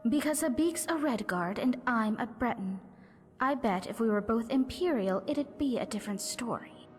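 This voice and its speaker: A woman's voice: a little high, lightly acted. Actress as a flustered game townswoman. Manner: rambling and flustered, trips over her words. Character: anxious married townswoman, floor sweeper, bitter and self-deprecating. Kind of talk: video game character dialogue. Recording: game audio with long reverb and faint music.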